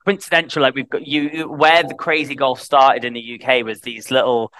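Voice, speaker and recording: A man's voice: medium pitch, level tone, brisk, bright, forceful tone, no room sound. A British man chatting as a guest on a podcast, talking loosely with many restarts and fillers. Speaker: guest, head of sales. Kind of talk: casual podcast interview.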